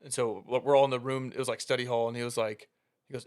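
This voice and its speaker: A young man casually telling a story as a podcast co-host, animated and laughing through the punchlines as he acts out his coaches' lines. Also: medium pitch, fast talker, smooth.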